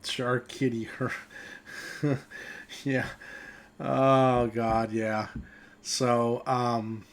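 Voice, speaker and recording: Slow, easygoing male game master. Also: mid-range voice. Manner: relaxed, chuckling, thinking aloud while reading rules. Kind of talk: narrating a tabletop game.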